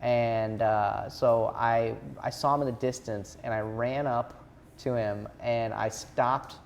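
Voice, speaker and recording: A man in his thirties, a stand-up comedian from Atlanta, telling an animated story as a podcast guest. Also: mid-range voice, slow, gravelly, slight background noise. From Atlanta, United States. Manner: animated storyteller, acts out quotes. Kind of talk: podcast anecdote.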